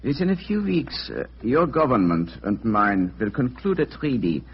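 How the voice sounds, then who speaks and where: An actor playing an injured, bedridden German count with a German accent, speaking haltingly with many pauses, in 1940s radio acting. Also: male voice, mid-range voice, big pitch swings, breathy edge, full character voice. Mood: grave. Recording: dull old radio recording.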